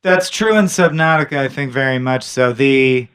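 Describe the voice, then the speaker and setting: A man's voice: mid-range voice, moderate pace, noisy background. A man co-hosting a podcast interview, jokey and enthusiastic, who riffs on the topic and laughs along. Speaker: podcast co-host.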